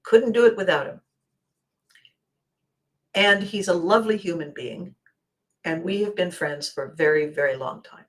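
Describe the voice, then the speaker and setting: Woman, host, casual talk, emphatic, lively, shifting loudness. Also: on the low side, normal speed, long pauses. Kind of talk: casual monologue.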